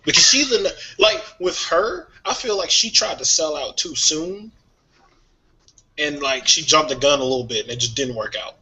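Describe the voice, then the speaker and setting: A man co-hosting a casual music talk show, sharing strong opinions in a lively way and laughing often. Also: a little high, normal speed. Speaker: podcast co-host. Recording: dull lo-fi sound.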